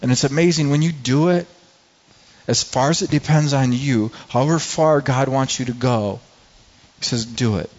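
A man's voice: mid-range voice, moderate pace, a little mellow. Middle-aged pastor guy preaching, earnest, keeps restarting his sentences, kinda muffled recording. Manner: earnest, personal storytelling with many restarts. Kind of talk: sermon. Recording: slightly dull lo-fi recording.

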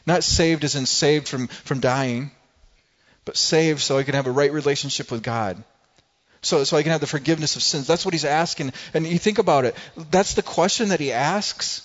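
A man's voice: a little high, moderate pace, muffled recording. A male pastor preaching a sermon in a conversational way, often restarting phrases and acting out what people in the story say. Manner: conversational preaching with frequent restarts and acted-out quotes.

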